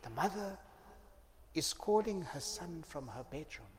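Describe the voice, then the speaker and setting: Preacher guy telling a story, dramatic, loud then soft, fairly high voice, echoey hall. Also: animated, a little slow, a crowd in the background. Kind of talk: moral storytelling. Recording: long reverb, faint background noise.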